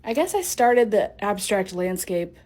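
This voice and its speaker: A woman's voice: mid-range voice, big pitch swings, a little slow, a little mellow. A young woman chatting casually through a year of her art as a vlogger, bubbly and prone to interrupting herself. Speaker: artist vlogger. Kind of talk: casual vlog narration.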